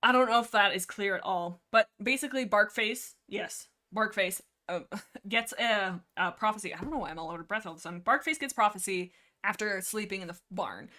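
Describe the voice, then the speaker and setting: A woman's voice: medium pitch, fairly quick, sharp tone. A young woman hosting a casual book discussion livestream, chatty and rambling, laughing often. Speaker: livestream host.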